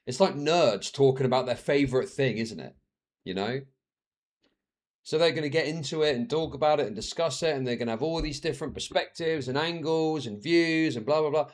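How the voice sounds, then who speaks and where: Streaming live, a man reacts to a video with crude, mocking commentary. He swears freely and slips into shrill voices to mimic others.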